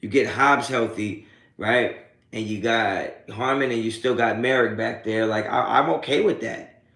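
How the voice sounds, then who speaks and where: A man hosts a live post-game sports reaction stream, reading chat and trash-talking trolls with streetwise slang and nonstop swearing, taunting them and laughing them off. His voice is medium-pitched, unhurried, and fairly bright, in a reverberant space.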